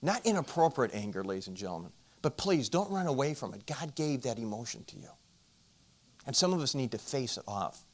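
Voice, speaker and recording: A man speaking at a marriage conference, telling a self-deprecating story and addressing the audience with direct questions, his volume swinging from loud to hushed. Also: mid-range voice, sing-song, brisk. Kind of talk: storytelling Christian talk.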